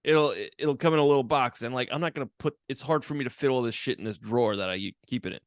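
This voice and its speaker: A man's voice: medium pitch, quick pace, clean tone, no echo, clean studio sound. A man who teaches, co-hosting a podcast in casual chat, laid-back, swearing and laughing often.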